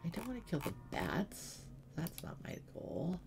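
A woman's voice: fairly low pitch, wildly swooping pitch, measured pace, gravelly. A middle-aged woman streaming a game, chatting and telling stories between asides to the game. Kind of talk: casual gaming livestream chat.

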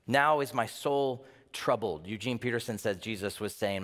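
A man preaching a sermon as pastor, animated, firing off rhetorical questions with a lift in his voice. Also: fairly low pitch, normal speed, hardly any pauses, long reverb tail. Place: church.

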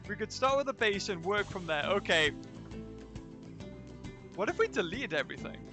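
A man's voice: sits high, sing-song, moderate pace, over music. A man live-streaming a zoo-building game, chatting casually and answering his viewers' chat as he plays. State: recovering from illness. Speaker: let's play streamer. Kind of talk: casual livestream commentary.

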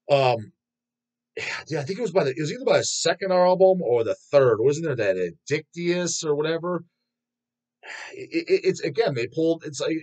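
A middle-aged man hosting a podcast, ranting casually in a profane, opinionated and animated way. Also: medium pitch. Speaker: podcast host. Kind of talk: casual rant.

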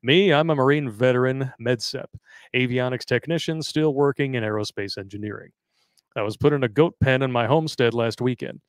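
A man's voice: medium pitch, fairly quick, clean tone, no room sound. Crude, laughing man with a dry close sound. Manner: crude, jokey, laughs often. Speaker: podcast host reading a listener story. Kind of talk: casual live-stream chat.

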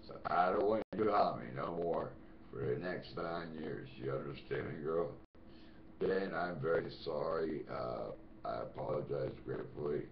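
A man's voice: extremely low pitch, moderate pace, gravelly, a little hiss or hum. An older man ranting at the camera in a profane, confrontational vlog monologue. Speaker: vlogger. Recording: echoey dull lo-fi home recording.

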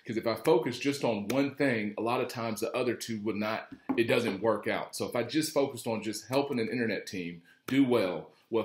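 Rambling low-voiced man in an echoey room. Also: a little hiss or hum. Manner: rambling storyteller, acts out others' lines. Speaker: automotive sales trainer. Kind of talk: casual talk to camera.

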